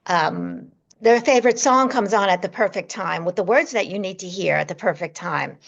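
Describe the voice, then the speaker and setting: A woman telling stories on a podcast as a guest medium, animated, her voice jumping high when she relives moments. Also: normal speed, creaky, dull audio. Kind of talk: storytelling in a podcast interview.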